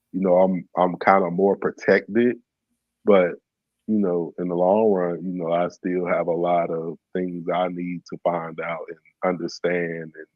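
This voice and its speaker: Man, very low voice, reflective and rambling, dry close sound, dull lo-fi audio. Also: no echo. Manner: reflective, rambling, many fillers. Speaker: podcast co-host. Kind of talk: casual conversation.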